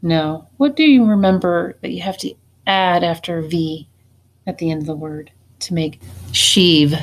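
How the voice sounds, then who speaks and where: Slow, deliberate woman giving spelling dictation. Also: on the low side. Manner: slow, deliberate, repeats each word. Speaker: teacher.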